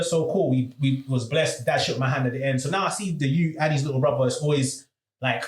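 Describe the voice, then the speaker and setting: A man, casually telling a story on a podcast. He is animated and uses a lot of slang, and he acts out the people in his story. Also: medium pitch, brisk, echoey room. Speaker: podcast host.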